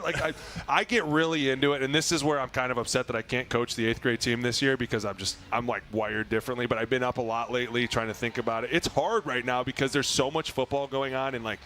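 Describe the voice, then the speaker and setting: A man co-hosting a podcast live on stage, excitable and acting out quotes in casual chat. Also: mid-range voice, fast talker, slight background noise. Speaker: podcast co-host, former lineman. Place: outdoor fair stage.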